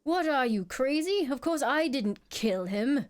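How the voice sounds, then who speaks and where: A woman's voice: sits high, lively intonation, measured pace. A woman voicing a grumpy male hotel manager, curt and impatient, reading game dialogue aloud. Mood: irritated.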